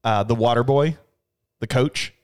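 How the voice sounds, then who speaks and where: A man's voice: mid-range voice, unhurried, clean tone. A man hosting a casual movie podcast, teasing his co-hosts and laughing easily. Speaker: podcast host. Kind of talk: casual chat.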